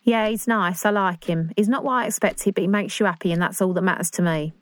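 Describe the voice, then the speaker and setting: A woman's voice: medium pitch, a little fast, no echo, close to an everyday voice. An actress voicing her character's middle-aged mum in a plain, matter-of-fact way. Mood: guarded.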